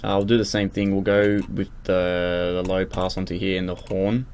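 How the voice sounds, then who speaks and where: A man's voice: low voice, level tone, moderate pace, a little hiss or hum. A young man talking casually through a music production tutorial, loose and rambling with lots of fillers and restarts. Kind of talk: casual screen-recorded tutorial. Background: loud synth music and keyboard typing.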